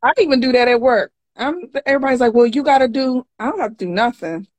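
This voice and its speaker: A woman's voice: fairly high pitch, fast, dry recording. A woman chatting casually, blunt and defiant with a joking edge. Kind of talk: casual chat.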